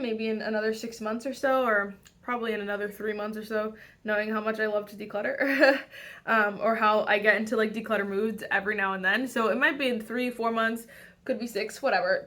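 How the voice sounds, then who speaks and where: A woman's voice: medium pitch, a bit bright. A young woman chatting casually through a makeup tutorial, rambling with lots of fillers and restarts. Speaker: beauty vlogger.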